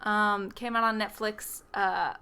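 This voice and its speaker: A woman's voice: mid-range voice, fairly even intonation, slow pace, sharp tone, clean tone. A woman co-hosting a podcast, casually and chattily summarizing a film plot, with frequent ums and playful quoted lines. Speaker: podcast co-host. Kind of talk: casual chat recapping a film.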